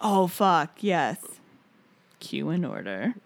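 A woman's voice: low-pitched, very animated, takes it slowly, creaky. A woman in her forties co-hosting a podcast, joking and swearing in casual chat. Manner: joking, profane, riffing. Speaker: podcast co-host.

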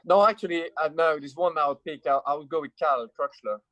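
A man's voice: a little high, fairly even intonation, brisk, a bit bright, dry recording. A man from France with a French accent, a guest telling stories in casual chat, hesitant with many fillers and restarts. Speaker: guest, motorcycle racer.

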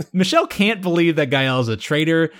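Male podcast host, a touch high, loose and jokey delivery. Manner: chatty, laughing, lots of ums and likes. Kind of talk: casual episode recap.

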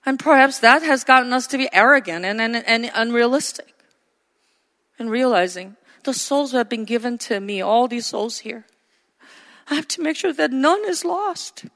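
A woman's voice: on the high side, expressive, normal speed, fairly bright tone. A woman pastor preaching a sermon with impassioned delivery, repeating phrases for emphasis, in a church sanctuary. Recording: long reverb of a church hall.

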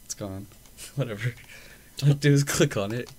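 A man's voice: medium pitch, normal speed, darkish tone, husky. A young man hosting a podcast, telling a loose, profane story full of fillers in casual chat. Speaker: podcast host. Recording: faint background noise.

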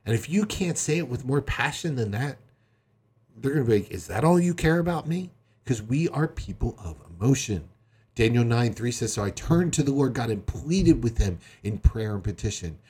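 Husky-voiced man preaching earnestly. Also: mid-range voice, lively intonation, moderate pace, a little mellow. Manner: earnest, emphatic preaching with acted-out quotes. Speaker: pastor. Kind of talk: sermon.

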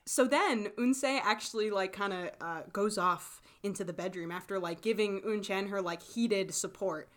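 A young woman co-hosts a casual podcast, talking through a drama with lots of laughter. She acts out what characters say, with a voice of ordinary pitch for a woman. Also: moderate pace, hardly any pauses. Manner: animated, laughs often, acts out quotes. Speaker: podcast co-host. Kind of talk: casual chat recapping a TV drama.

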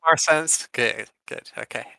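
Gravelly, bright-voiced man at play. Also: medium pitch, a little slow, dry recording, low-quality recording. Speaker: tabletop game player. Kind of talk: in-character play and narration.

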